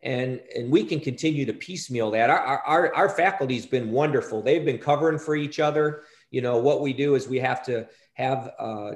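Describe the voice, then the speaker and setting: A man giving a school superintendent's report at a board meeting, halting and often restarting his sentences. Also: mid-range voice, reverberant.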